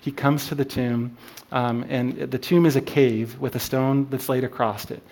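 A man teaches scripture in a loose, conversational way, pausing often and restarting his sentences. His voice sits in an ordinary middle pitch. He comes across as informal rather than preachy. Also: flat delivery, darkish tone. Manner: halting, many fillers and restarts, conversational. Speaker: Bible study teacher.

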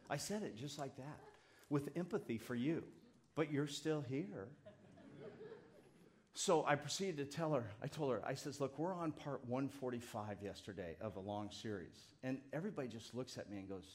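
A man's voice: mid-range voice, moderate pace. A pastor in his fifties preaching a sermon in a loose, storytelling way, with rambling asides and self-deprecating humor.

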